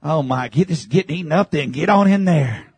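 A man preaching a sermon as pastor, swinging from shouted passages to hushed, low delivery. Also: animated, moderate pace, breathy edge, dry recording.

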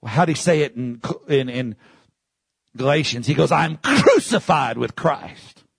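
A man preaching a sermon, swinging from shouted peaks down to low, quiet passages and repeating phrases for emphasis. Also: big pitch swings, unhurried, creaky, husky, dry recording.

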